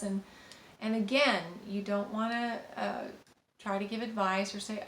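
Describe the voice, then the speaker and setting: A middle-aged woman teaching about parenting, telling a personal story in a gentle, rambling way with many fillers and restarts. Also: mid-range voice, flat delivery, unhurried, pauses often. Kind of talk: informal teaching monologue with anecdotes. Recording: echoey room with faint ambient noise.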